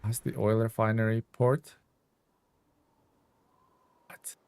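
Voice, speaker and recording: A man's voice: fairly low pitch, level tone, takes it slowly, vocal fry, darkish tone, smooth, no room sound. A young man streaming a driving game, chatting casually and answering viewers' comments as he plays. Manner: chatty, reads chat aloud and answers viewers.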